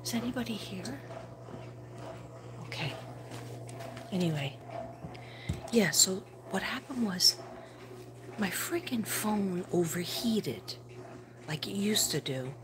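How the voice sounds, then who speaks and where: Slow-talking older woman, hushed home chat. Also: mid-range voice, expressive, background noise. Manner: rambling, chatty, often drops to a near whisper. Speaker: livestream host. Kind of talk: casual livestream chat. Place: home at night.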